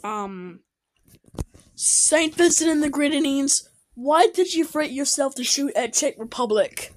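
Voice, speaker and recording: Slow-talking high-voiced young woman reacting. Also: expressive, a little hiss or hum, low-quality recording. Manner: exclaiming, questioning characters on screen. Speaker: reaction video host. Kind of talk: casual reaction commentary.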